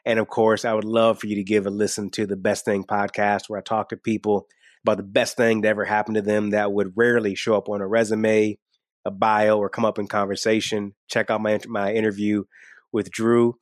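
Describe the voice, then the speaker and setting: A man's voice: on the low side, little pitch movement, a little fast, no echo, studio quality. A man with a slight twang, candidly answering interview questions on a podcast in an earnest, upbeat way. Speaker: podcast guest and host. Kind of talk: conversational interview.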